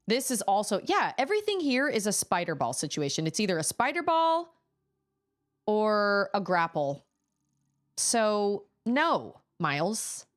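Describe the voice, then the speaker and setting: Animated, chatty woman streamer. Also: mid-range voice, measured pace. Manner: chatty, animated, jumps into silly voices and laughs. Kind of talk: casual gameplay stream chat.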